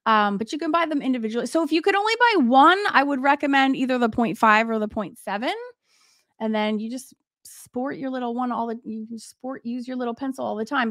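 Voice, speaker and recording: A woman's voice: on the high side, no echo. Chatty woman art teacher, dry close sound. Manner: chatty, laughing storyteller with many fillers. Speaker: art teacher hosting a livestream. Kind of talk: casual livestream chat.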